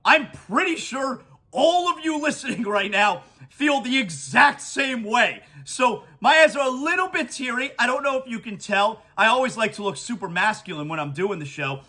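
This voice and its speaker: Sports talk host, man, high, bright, emotional, stammering and gushing. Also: animated, normal speed. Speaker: podcast host. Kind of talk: excited sports talk monologue.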